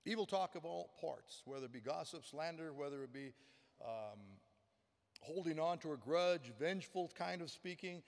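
A man's voice: fairly high pitch, normal speed, creaky, long reverb tail. A man preaching a sermon as pastor, earnest and emphatic, often repeating words for stress.

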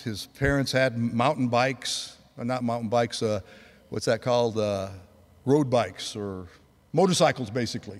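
A man in his sixties, preaching a sermon: he rambles through a personal story, then builds to fervent preaching. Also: mid-range voice. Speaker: pastor. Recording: long hall reverb.

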